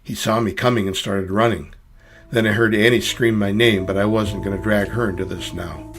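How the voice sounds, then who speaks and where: A man's voice: fairly low pitch, steady tone, moderate pace, a bit bright, soft background music. A man reading his own story aloud in dry, wry, hard-boiled first-person narration.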